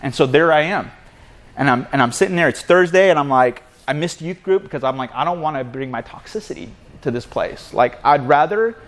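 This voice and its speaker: Speaking in a voice on the high side, a man delivers a laid-back sermon as the guest speaker at a coffee-shop men's breakfast. His storytelling is highly animated, and he keeps addressing listeners as "man."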